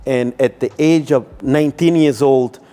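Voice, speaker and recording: A man's voice: mid-range voice, fairly even intonation, moderate pace, warm tone, clear, resonant tone. A man hosting a podcast interview, with short reactions and simple phrasing. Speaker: podcast host. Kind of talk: casual interview. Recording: long hall reverb.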